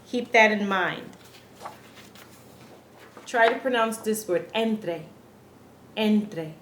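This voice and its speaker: A woman teaching Spanish pronunciation, speaking slowly and deliberately and repeating each word with care. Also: fairly high pitch, a bit bright, slight background noise. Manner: slow, deliberate, repeats words carefully. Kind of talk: slow instructional lesson. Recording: echoey room, faint ambience.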